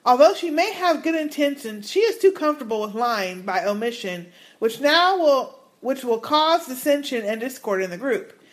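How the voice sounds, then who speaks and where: A woman co-hosting a relaxed podcast reads listener emails aloud. Her high voice moves around a lot, and she drops her own comments between the lines she reads. The tone is chatty and informal. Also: normal speed. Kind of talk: casual podcast chat.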